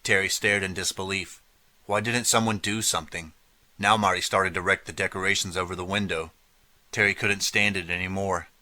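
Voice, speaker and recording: A man narrating an audiobook in a steady storytelling manner. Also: sits low, normal speed, no room sound. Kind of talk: scripted narration.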